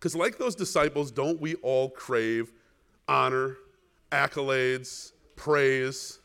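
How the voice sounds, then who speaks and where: A male pastor preaches slowly in a medium-pitched, gravelly voice with a clean tone. Animated, he puts rhetorical questions to the congregation and acts out the characters from the biblical story.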